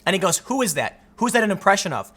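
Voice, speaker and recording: A young man giving a casual, emphatic commentary monologue, often repeating words as he gets excited. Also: high voice, fast. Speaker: political commentary host.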